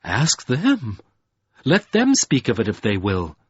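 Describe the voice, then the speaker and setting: A man voicing a careful, solemn male giant in an audiobook, measured and even. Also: medium pitch, husky, no room sound, lo-fi sound. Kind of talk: audiobook character voice.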